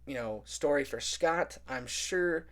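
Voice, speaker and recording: A man's voice: medium pitch, slow. A young man casually recapping a film plot in a spoiler review, rambling and full of filler words. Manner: rambling, heavy use of "like", animated retelling.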